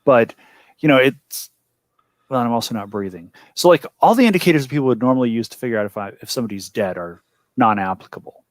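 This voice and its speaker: A man talking as a player at a tabletop game, explaining his ideas in a rambling, animated way with lots of "like"s. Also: medium pitch, fast talker, dry recording.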